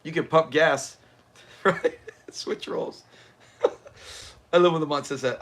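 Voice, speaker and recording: Guy hosting a watch party stream, kinda high bright voice, laughs a lot, chats w viewers. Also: expressive, a little slow, pauses often. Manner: chatty, laughs often, answers viewers in chat. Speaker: livestream host. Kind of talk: casual watch-party commentary.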